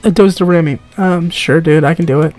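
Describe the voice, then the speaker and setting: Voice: mid-range voice, fairly quick, a little mellow, soft background music. A streamer reading a text game aloud, giggling often, stumbling over words and asking confused asides.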